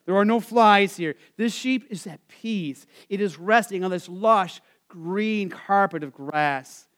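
A man preaching a sermon, earnest and explanatory, with many fillers and restarts, slowing down and going soft on scripture phrases. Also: high voice. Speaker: pastor.

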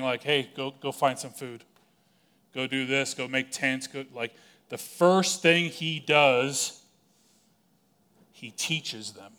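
A man pastor delivering a sermon in a conversational style, with casual asides and quick acted-out quotes. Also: medium pitch, pushed and bright.

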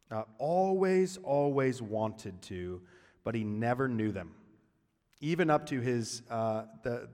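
A man's voice: mid-range voice, long reverb tail. A man preaching a sermon in a conversational way, with joking asides between points. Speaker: pastor.

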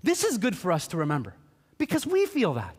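A man's voice: high-pitched, wildly swooping pitch, brisk, slightly rough. A man preaching a sermon in a chatty, joking way, acting out quotes in playful voices. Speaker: pastor. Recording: long hall reverb.

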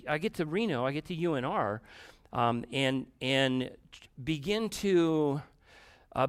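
A man giving a storytelling sermon to a live audience in a room, talking conversationally and turning to them directly, swinging between quiet asides and loud, emphatic bursts. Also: medium pitch, smooth.

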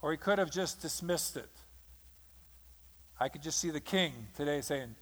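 Pastor preaching in a reverberant hall. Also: male voice, a little high, expressive, moderate pace, pauses often, fairly bright tone. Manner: dramatic storytelling, acting out quotes. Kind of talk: sermon.

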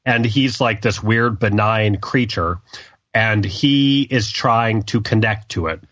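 A man co-hosting a casual film podcast, thinking out loud and hedging his points. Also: on the low side, slow, no echo, dull audio. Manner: musing, hedging, thinks aloud. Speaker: podcast co-host.

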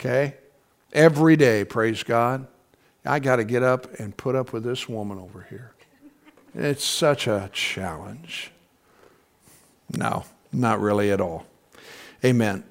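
A man's voice: mid-range voice, measured pace, pauses often. A man preaching a sermon in a loose, conversational way, tossing in casual slang and calling on the congregation to answer him. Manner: conversational, calls for responses from congregation; folksy slang. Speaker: pastor.

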